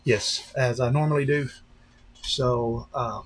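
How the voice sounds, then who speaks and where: Over a very noisy recording, a pastor who races drones on stream talks casually and rambles directly to his audience. His mid-range voice stays fairly even, and he takes his time.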